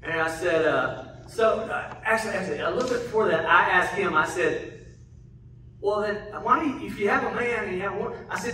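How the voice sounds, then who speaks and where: A middle-aged man tells folksy stories at a church parenting seminar, slipping into his children's voices as he goes. His voice is bright and fairly high. It is caught from a distance in a big, echoing hall with faint background noise. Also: a little fast. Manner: folksy storyteller who acts out his children's lines. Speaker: guest speaker at a church parenting class. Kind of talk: church seminar talk with family anecdotes. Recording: echoey hall from a distant mic.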